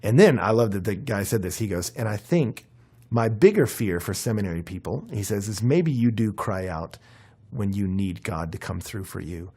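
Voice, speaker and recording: A young man preaching in a loose, conversational way, his voice worn down and hoarse. He sits fairly low and sounds rough and husky, and he leans hard into key words. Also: normal speed. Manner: conversational, animated preaching with many fillers. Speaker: pastor. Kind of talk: sermon.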